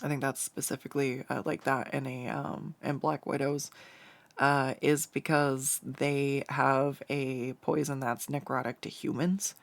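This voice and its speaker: Streamer, casual chat on stream, giggly and rambling, slight fry, dry close sound. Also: mid-range voice, little pitch movement, a little slow, no echo. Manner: rambling and giggly, many fillers and restarts.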